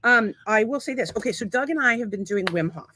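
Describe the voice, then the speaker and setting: Bright, lively woman podcast host. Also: a little high, quick pace. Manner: blunt and profane, laughs often. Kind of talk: casual chat.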